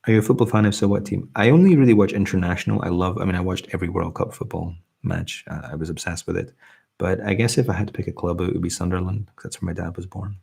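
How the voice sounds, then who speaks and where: A young man with a light Scottish twang talks in a very deep, gravelly, breathy voice. He keeps it soft and casual, reading comments aloud and answering them one by one as he hosts a relaxed stream. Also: quick pace. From Britain. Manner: reads viewer comments aloud and replies. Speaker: ASMR livestream host. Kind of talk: casual soft-spoken live chat.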